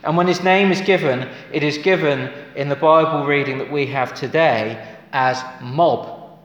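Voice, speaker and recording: A man's voice: on the high side, measured pace, fairly bright tone, dull audio. A man preaching a sermon in a church. He speaks earnestly, asks his congregation rhetorical questions and rises to emphatic exclamations. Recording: echoey hall with long reverb.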